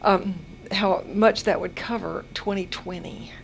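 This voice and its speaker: An older woman hosting a casual morning radio interview, chatty and quick to laugh. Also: medium pitch, fairly even intonation, gravelly, low-quality recording. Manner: chatty, laughs easily, has the hiccups. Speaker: radio show host. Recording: AM radio broadcast with faint noise.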